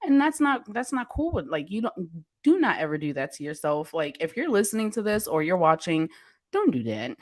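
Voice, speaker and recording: A woman's voice: lowish voice, sing-song, a little fast, a little mellow. A woman from Pennsylvania hosting a casual chat, telling stories candidly with laughs and swearing. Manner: candid, laughing, profane storytelling. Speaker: host.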